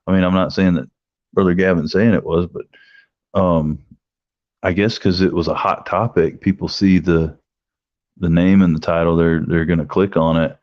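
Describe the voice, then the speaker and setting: A man's voice: steady tone, normal speed, no echo. A middle-aged man telling a long, profane story casually, acting out the quoted lines. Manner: rambling, profane, acts out quotes with raised pitch. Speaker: livestream host telling a story. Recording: dry, slightly dull lo-fi sound.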